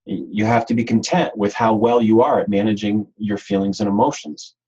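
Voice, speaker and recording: Male webinar presenter, husky and breathy, loose and repetitive delivery. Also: medium pitch, brisk, warm tone, lo-fi sound. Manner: rambling, repeats words, many ums. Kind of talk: unscripted webinar talk.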